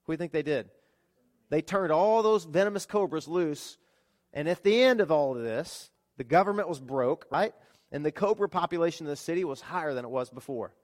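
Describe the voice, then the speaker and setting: A pastor preaching a sermon, telling stories with lively rhetorical questions to his congregation. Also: fairly high pitch, fairly quick.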